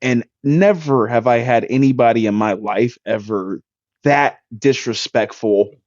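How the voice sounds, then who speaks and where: A young man in his twenties, co-hosting a podcast and telling a story in a loose, profane, animated way. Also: mid-range voice, a little slow, dry recording. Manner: animated, profane, swings his voice up when excited. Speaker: podcast co-host. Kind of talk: casual storytelling. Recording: dull, dry lo-fi sound.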